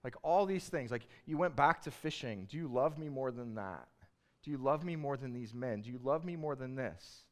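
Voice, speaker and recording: A man's voice: medium pitch, expressive, normal speed. A man preaching a sermon, retelling a Bible passage in a casual, storytelling way and building to passionate emphasis. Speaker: pastor.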